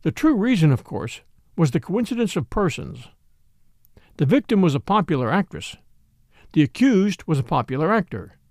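A man narrating a mystery story aloud in an expressive storytelling style. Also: fairly high pitch, normal speed, no room sound, clean studio sound. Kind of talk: scripted audiobook narration.

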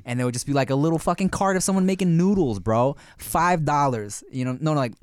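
A laid-back man in casual conversation, slangy and easygoing. His voice is smooth and clear. It is recorded dry and close. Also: on the high side, animated, quick pace, no echo. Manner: laid-back, slangy, says "bro" and "like" a lot. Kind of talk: casual chat.

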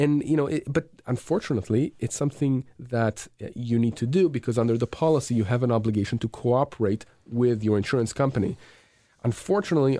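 Earnest lawyer man, dark tone. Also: medium pitch, dry recording. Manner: earnest, emphatic, many restarts and stammers. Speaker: insurance and injury lawyer. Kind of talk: radio talk show advice. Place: radio studio.

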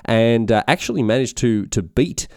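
Irreverent male narrator, rambling and animated, with a dry close sound. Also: mid-range voice, normal speed, clear, resonant tone, no room sound. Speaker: history storyteller. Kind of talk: comedic history narration.

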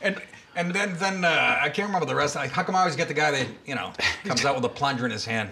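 A man chatting as a comedian guest, blunt and profane, pausing as he tries to recall his material. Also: a little high, heavy background noise. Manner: blunt and profane, with halting recollection. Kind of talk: casual chat.

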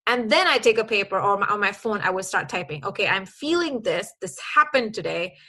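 Bright-voiced woman telling her story. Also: mid-range voice, brisk, poor audio. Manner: earnest and animated, acting out her own dialogue. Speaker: guest. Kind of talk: casual interview chat.

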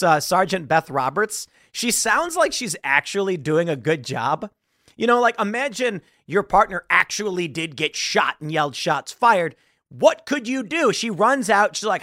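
A man talking casually as host, lively and animated, laughing and acting out quoted lines. His voice is bright and sharp, recorded close and dry with no room sound. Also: high-pitched, moderate pace, no echo. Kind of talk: casual commentary on a video.

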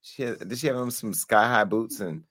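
A man hosting a call-in talk show, joking and animated as he chats and laughs often. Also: fairly low pitch, moderate pace. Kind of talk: casual chat.

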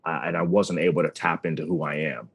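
A man's voice: extremely low pitch, quick pace, gravelly, breathy edge, no echo. A man in his thirties, a wrestling announcer as a podcast guest, telling stories in a casual interview and acting out dialogue along the way. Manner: animated storyteller, acts out dialogue.

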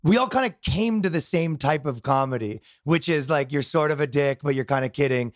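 A man's voice: on the high side, animated, a little fast, no echo. Rambling Canadian-raised man, dry sound. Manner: rambling, filler-heavy, laughs often. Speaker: comedian guest. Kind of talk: casual podcast chat.

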